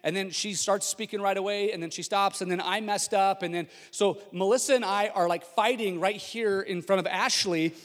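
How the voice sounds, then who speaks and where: A middle-aged man preaching a sermon as a pastor, telling a story in an animated way and acting out what people said. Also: high-pitched, moderate pace, hardly any pauses. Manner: storytelling, animated, acts out quotes. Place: church sanctuary. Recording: long reverb of a large hall.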